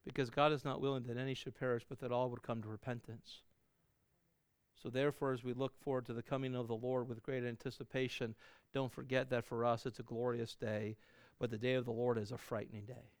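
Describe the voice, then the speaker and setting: A middle-aged man preaching a sermon as a pastor, earnest, building up louder and then dropping to soft endings. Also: medium pitch, little pitch movement, brisk, no echo.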